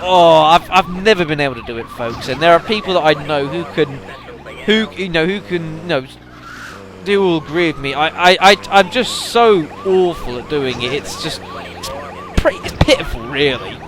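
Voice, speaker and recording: A man's voice: on the high side, animated, normal speed, a crowd in the background. A man giving casual gameplay commentary, rambling with lots of fillers and addressing the audience as folks. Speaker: let's play commentator.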